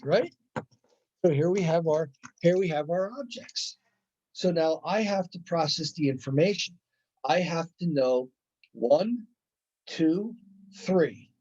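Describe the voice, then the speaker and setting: A man's voice: fairly high pitch, darkish tone, muffled recording. A male college instructor giving a conversational lecture, often checking in with "right?" and acting out playful examples. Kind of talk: recorded classroom lecture.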